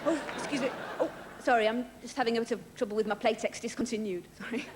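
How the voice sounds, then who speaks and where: A woman with a slightly high voice talks quickly, performing stand-up comedy on a big theatre stage in a dry, self-deprecating style. The audio comes from a noisy 1980s TV broadcast with an audience.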